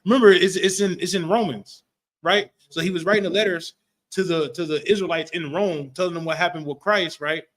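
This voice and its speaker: A man with a high-sitting, slightly bright voice speaks briskly in a steady tone, leading a casual religious class discussion. Loose and repetitive, he keeps checking in with listeners, often asking "you know what I'm talking about".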